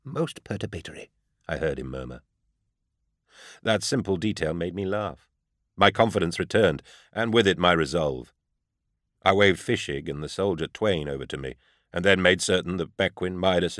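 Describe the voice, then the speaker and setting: A man reading a first-person story aloud in a grave, measured storytelling manner. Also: sits low, fairly bright tone, dry recording, studio quality. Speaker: audiobook narrator. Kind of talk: first-person scripted narration.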